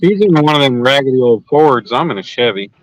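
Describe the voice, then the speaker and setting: A man's voice: medium pitch, expressive, a little fast, no echo, low-quality recording. A man hosting a casual fishing live stream, talking in a laid-back, blunt, joking way while driving and holding his phone. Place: in a vehicle, driving. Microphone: handheld phone.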